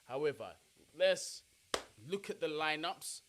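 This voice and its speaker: A young man, chatting casually on a football watch-along live stream and giving shout-outs to his chat. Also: fairly high pitch, expressive, takes it slowly, noisy background.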